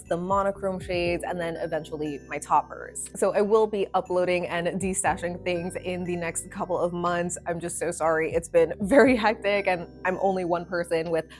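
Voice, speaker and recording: A young woman talking casually to her viewers in a lower voice. She rambles and apologizes as she goes, with faint music underneath. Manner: chatty, apologetic, rambling with fillers. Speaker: nail polish channel host. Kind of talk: casual talk to camera.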